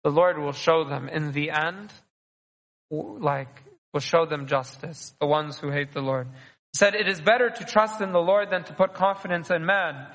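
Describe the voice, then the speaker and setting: A man's voice: a little high, moderate pace, a bit bright, long reverb tail, low-quality recording. A man, a priest giving a conversational sermon, often repeating and restarting phrases. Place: church.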